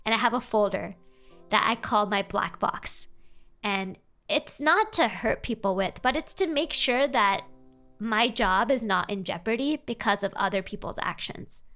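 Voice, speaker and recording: A young adult woman streaming casual advice chat, animated and playful, jumping up in pitch for emphasis. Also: measured pace, faint music behind. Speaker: vtuber streamer giving advice.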